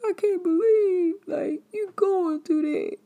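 A woman's voice: lively intonation, moderate pace, darkish tone, heavily acted. A woman putting on a gushing, fake-sweet friend. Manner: high, breathy, overly sweet.

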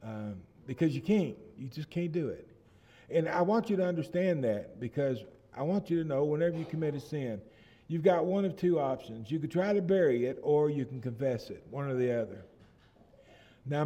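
A middle-aged man preaching a sermon, often restarting phrases and swelling loud and slow when he reads scripture. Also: medium pitch.

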